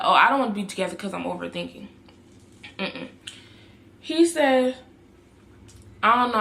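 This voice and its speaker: A woman's voice: medium pitch, a bit bright. A young woman vlogger telling a personal story in a casual, rambling way, repeating herself and speaking to viewers as y'all.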